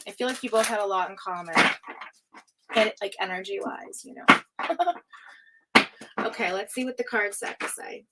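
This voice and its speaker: A woman's voice: mid-range voice, normal speed, long pauses, heavy background noise. Chatty woman doing a tarot reading. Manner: chatty, filler-heavy, laughs often, swears casually. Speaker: tarot reader. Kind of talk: live-stream psychic reading.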